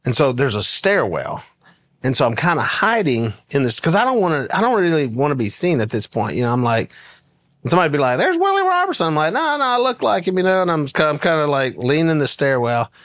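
A man telling a story in a folksy, animated way, with frequent laughs, as a guest in conversation. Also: mid-range voice, a little fast, no echo. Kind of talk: casual storytelling anecdote.

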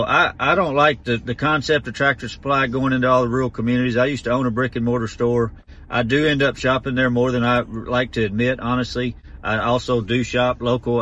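A man's voice: mid-range voice, a bit bright. Folksy man ranting. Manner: folksy, earnest, halting restarts. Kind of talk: ranting video monologue.

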